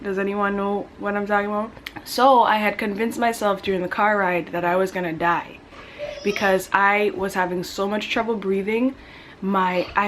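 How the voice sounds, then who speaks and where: A woman's voice: mid-range voice, a little hiss or hum. Young woman vlogger telling a story. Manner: animated, acts out her own cries and quotes. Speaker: family vlogger. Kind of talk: casual storytelling to camera.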